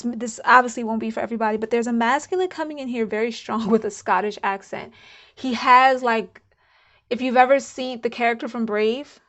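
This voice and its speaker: A woman's voice: fairly high pitch, fairly bright tone. A woman giving a casual channeled spiritual card reading, musing aloud and repeating herself. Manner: chatty, musing, repeats herself, laughs now and then.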